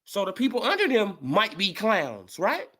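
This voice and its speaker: In a sports commentary vlog, a woman rants heatedly, swearing freely and calling people out in a profane, animated way. Her voice is mid-range and slightly breathy, at a normal speed.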